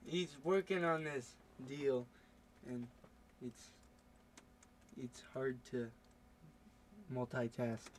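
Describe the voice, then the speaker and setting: A man's voice: medium pitch, very slow, pauses often, slight background noise. A teenage boy in casual chat, often chiming in and cutting across with short remarks.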